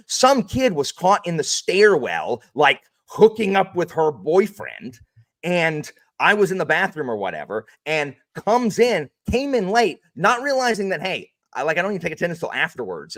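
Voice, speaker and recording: A man who is a teacher, chatting energetically as a podcast guest, joking and animated. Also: on the high side, no room sound, clean studio sound. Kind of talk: casual podcast chat.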